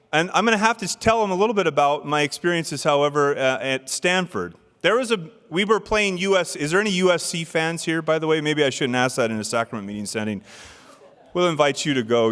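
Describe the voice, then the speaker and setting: A man's voice: a little high, fairly bright tone, clear, resonant tone. A middle-aged man giving a devotional address, telling stories and asking the audience questions. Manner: storytelling with rhetorical questions to the audience. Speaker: church speaker. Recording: long hall reverb.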